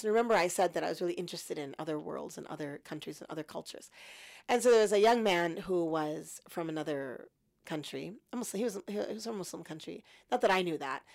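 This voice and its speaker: A woman in her fifties recounting her story as an interview guest, reflective and lively when quoting her past thoughts. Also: lowish voice, creaky. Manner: reflective, animated in quoted thoughts.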